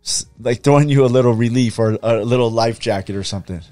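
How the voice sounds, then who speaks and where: A man's voice: mid-range voice, fast, darkish tone, no room sound, faint music behind. A man hosting a podcast, asking his guest questions in a fumbling way full of fillers and restarts. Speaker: podcast host. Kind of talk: interview questions in casual chat.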